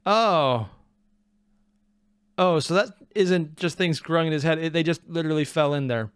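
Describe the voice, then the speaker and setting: A man's voice: on the high side, moderate pace, smooth, no echo, studio quality. A man hosting a reaction video, rambling in a casual, self-deprecating way.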